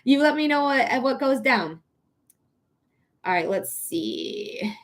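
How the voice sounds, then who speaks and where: A woman's voice: high voice, expressive, takes it slowly. A woman from the Detroit area with a Detroit accent, chatting casually and giggling as she hosts a live psychic reading stream, sleep deprived. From Metro Detroit, Michigan. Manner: chatty, giggly, thinks out loud. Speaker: psychic reader and livestream host.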